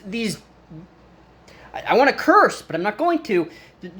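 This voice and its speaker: Inside his own home, an American man films a rambling vlog of himself, his voice high-pitched, fairly bright and lively in intonation at a normal speed. He sounds urgent and emphatic, repeating himself and stumbling through restarts.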